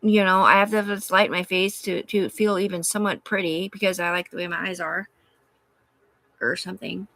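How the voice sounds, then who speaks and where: A woman's voice: on the low side, fairly even intonation, a little fast, a bit bright, no echo. A woman rambling and swearing casually on a live stream from her room, talking back to her chat. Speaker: livestreamer.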